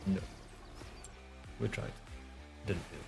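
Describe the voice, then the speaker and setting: A man giving casual, musing commentary while playing a farming game, thinking aloud with hesitations. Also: slow. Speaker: gaming streamer. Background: game music.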